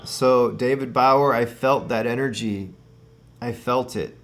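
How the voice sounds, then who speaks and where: A man hosting a paranormal spirit-box session, earnestly and gently calling out names and passing on messages. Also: mid-range voice, takes it slowly, noisy background.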